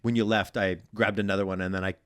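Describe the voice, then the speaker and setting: A man's voice: lowish voice, little pitch movement, quick pace, fairly bright tone, clean tone, dry recording, clean studio sound. A man in his thirties, co-hosting a candid couple's podcast, teasing and arguing his side. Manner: teasing, argumentative, swearing. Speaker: podcast co-host.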